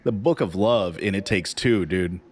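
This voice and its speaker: A man's voice: deep voice, normal speed, a little hiss or hum. A man hosting a podcast in casual chat, steering the conversation. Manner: casual, laughs easily, directs the show. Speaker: podcast host.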